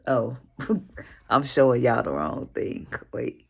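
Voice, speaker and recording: A woman's voice: rumbling low, big pitch swings, slow pace, creaky, a little mellow, slight background noise. A middle-aged woman at home, recording a personal video diary and talking heartfelt and direct to her viewers. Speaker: vlogger.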